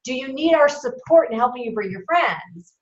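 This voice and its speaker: A woman voicing a pushy, overly chirpy female sales caller in a bright, insistent tone. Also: high voice, animated, moderate pace, a little hiss or hum, pitched above the performer's own voice. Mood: pushy cheerful. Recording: roomy, dull call audio.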